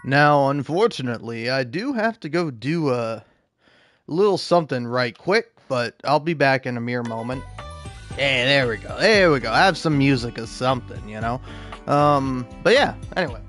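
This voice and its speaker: A man's voice: mid-range voice, animated, moderate pace, fairly bright tone, no room sound, soft background music. A young man chatting casually on a gaming live stream, rambling and self-deprecating with lots of false starts. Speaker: gaming livestreamer.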